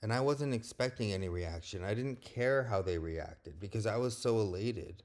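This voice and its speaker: Deep-voiced man, candid and profane. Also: normal speed, darkish tone. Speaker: vlogger. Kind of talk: personal monologue.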